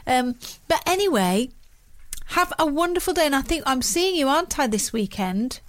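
High, animated woman co-host with a bubbly, affectionate patter. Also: normal speed. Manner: gushing and affectionate, calls people darling and sweetheart. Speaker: podcast co-host. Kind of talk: casual chat.

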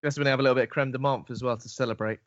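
A man's voice: medium pitch, fairly even intonation, very fast, dry recording. A man co-hosting a casual film podcast, offhand and dry. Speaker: podcast co-host. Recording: dull, dry close-up sound.

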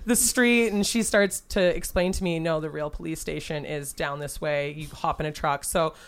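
A woman telling a travel story in casual chat, animated and swearing, acting out what people said. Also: deep voice, moderate pace. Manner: animated, swearing, acts out quotes.

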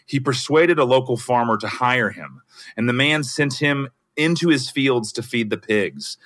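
A man with a Southern twang reads a passage in a steady, expressive way, then slips into easy chat. His voice is bright and clear, mid-pitched. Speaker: guest. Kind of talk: scripture reading and casual chat.

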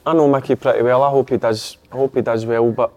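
Scottish bloke talking football, quick, dark mellow tone, blunt. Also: male voice, medium pitch, steady tone. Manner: plain-spoken, blunt opinions. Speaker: football pundit. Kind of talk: casual football chat.

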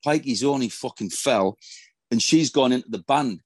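A man's voice: medium pitch, normal speed, husky, no room sound. A middle-aged man, a former footballer telling profane anecdotes in a casual interview. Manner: profane, storytelling, swears constantly.

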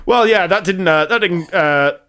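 A man's voice: sits high, normal speed, fairly bright tone, smooth. A man co-hosting a comedy podcast, casually reading out an article and joking around. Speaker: podcast co-host.

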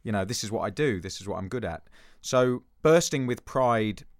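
Man from Jersey, 50s, interview guest: low, reflective, restarts often, dry close mic. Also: expressive, moderate pace, no room sound. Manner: thoughtful, many restarts, self-deprecating humour. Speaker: interview guest, former footballer.

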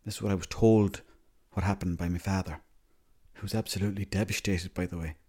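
A young Irishman with a fairly low voice rambles through a comic monologue. He keeps it deadpan and throws in plenty of swearing. His tone stays warm and mellow. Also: brisk, husky. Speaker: comedy monologuist.

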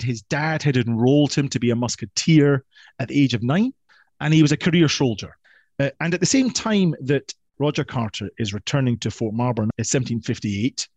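A man telling a history story with playful, emphatic energy, his pitch in a middle register. The sound is close and dry, with no room echo. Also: darkish tone. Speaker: guest historian.

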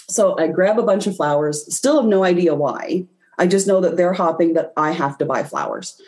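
A woman's voice: fairly low pitch, fairly quick, a little mellow. A woman guest in an interview, telling a personal story and acting out her own reactions as she goes. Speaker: guest, intuitive reader.

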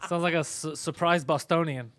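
A man's voice: fairly high pitch, fairly even intonation, normal speed, fairly bright tone, a little hiss or hum. A man hosting a podcast in casual chat, laid-back and self-mocking, swearing freely. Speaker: podcast host.

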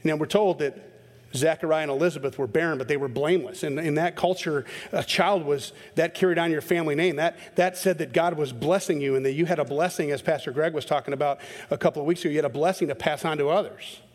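A man preaching a sermon as pastor, animated and self-interrupting, jumping into sudden high bursts when acting out quotes. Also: quick pace, long reverb tail.

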